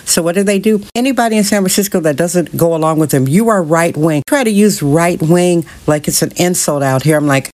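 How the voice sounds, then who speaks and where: A middle-aged woman with a somewhat low voice hosts her own show. She talks in a blunt, opinionated monologue full of rhetorical questions and repetition. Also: a little mellow. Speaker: show host. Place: San Francisco.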